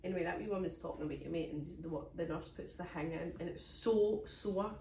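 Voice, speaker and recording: A woman's voice: fairly low pitch, a little fast, creaky. A Scottish woman tells a story on a comedy podcast, acting out everyone's lines as she goes. She is recorded on a phone set away from her, so her voice sounds echoey and distant. A faint hiss of room noise sits underneath. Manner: acts out quoted voices, animated. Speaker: podcast co-host.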